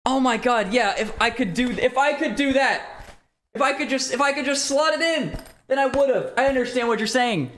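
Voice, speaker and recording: A man's voice: very high voice, normal speed, fairly bright tone. A male streamer telling an exasperated story in casual chat.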